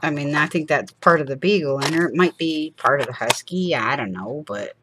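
A woman's voice: low-pitched, a little fast, noisy background. A woman, chatting casually and rambling with laughs while she crafts for her channel. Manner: rambling, chatty, laughs often, acts out little quoted voices.

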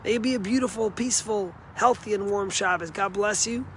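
A male rabbi giving a short sermon, telling stories in an earnest way and dropping soft and low for quoted lines. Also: fairly quick, slight background noise.

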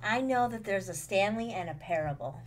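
A woman's voice: mid-range voice, expressive, a little hiss or hum, rough recording. A woman co-hosting a casual game stream, making playful quips. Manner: playful, teasing, quick quips. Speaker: co-host. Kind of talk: casual gameplay chat.

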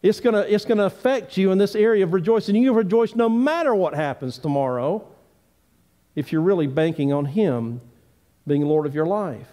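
In the sanctuary of a church, a man preaches a sermon with real earnestness. He speaks at a moderate pace in a high, animated voice, alternating emphatic pleas that climb upward with softer asides.

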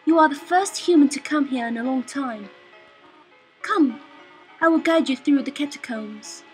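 A woman voicing a gentle, motherly goat caretaker in a video game, in a put-on English accent. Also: high-pitched, moderate pace, faint music behind, lightly acted. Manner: soft, formal and kindly.

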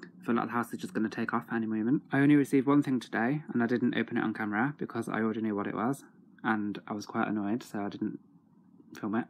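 Excitable, foul-mouthed young man. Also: lowish voice, fast talker. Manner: excitable, swears freely. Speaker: autograph collector vlogger. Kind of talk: casual video diary.

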